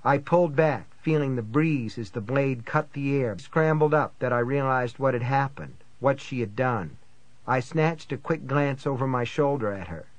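A man narrating a first-person thriller audiobook in a tense, measured storytelling manner. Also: medium pitch, animated, no room sound.

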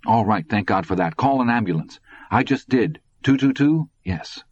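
Man playing a middle-aged father, worried, urgent, husky, dull audio. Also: fairly low pitch, lively intonation, normal speed, a little mellow, no echo, pitched above the performer's own voice.

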